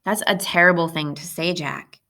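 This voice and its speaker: A woman's voice: fairly low pitch, moderate pace, pushed and bright. A woman reading aloud, voicing a patient but firm mother coaxing her son.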